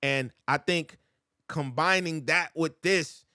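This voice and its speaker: Bright high-voiced male rap coach. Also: slow pace, no room sound, clean studio sound. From United States. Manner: rapping lines back in a bouncy cadence between explanations. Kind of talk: breaking down rap verses.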